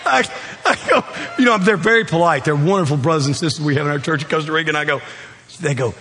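A man with a Southern Kentucky drawl preaching a sermon in a church, folksy and joking, swinging from loud emphatic peaks down to quiet, low appeals. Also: expressive, fast talker. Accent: Southern US, South Central Kentucky. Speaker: pastor. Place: church sanctuary. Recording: long hall reverb.

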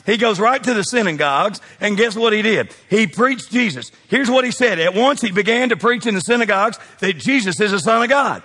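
A preacher in his fifties delivers a folksy, emphatic sermon in a husky, high voice. He swings from hushed asides to ringing declarations. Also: animated, brisk, hardly any pauses. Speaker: pastor.

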